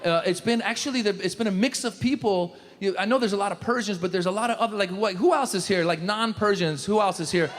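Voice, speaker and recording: A man from Iran performing a stand-up comedy set, animated and joking with the audience on a club stage. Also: high-pitched, fast, few pauses, in a large hall. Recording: live club audience laughter and noise.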